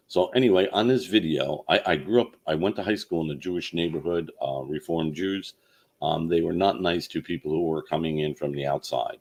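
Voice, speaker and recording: A man telling a personal story in a halting way, with many fillers and restarts. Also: extremely low pitch, darkish tone. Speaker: channel host.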